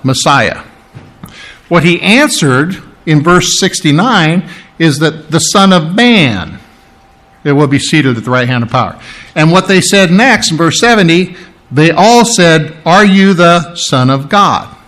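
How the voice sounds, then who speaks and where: Male preacher, emphatic sermon delivery, high and highly animated pitch. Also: unhurried. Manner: emphatic, animated Bible teaching with dramatic readings.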